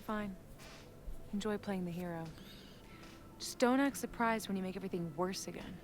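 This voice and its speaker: A woman's voice: medium pitch, moderate pace, over music, lightly acted. An actress voicing a desperate young woman in a video game, begging not to be left alone, then turning bitter. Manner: pleading, then bitter and cutting.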